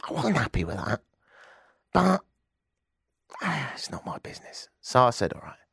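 A man's voice: very animated, moderate pace, gravelly, fairly bright tone, breathy edge, no echo, clean studio sound. A British man in his forties hosting a talk radio show, telling a self-mocking story with wry asides. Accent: British English. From Britain. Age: 40s. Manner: wry, self-mocking, swings high for emphasis. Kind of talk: animated storytelling monologue. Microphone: studio microphone.

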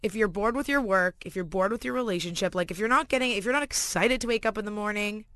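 A woman's voice: medium pitch, fairly bright tone, no echo. A woman talking on a radio show as a regular guest, easygoing and chatty. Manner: easygoing, quick to laugh, chatty. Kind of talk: casual radio chat. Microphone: studio mic.

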